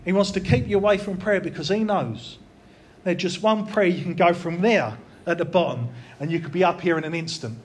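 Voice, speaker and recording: Speaking in a high voice at a brisk clip, a man delivers an earnest, informal sermon. His preaching is plain and conversational, with phrases repeated to drive points home.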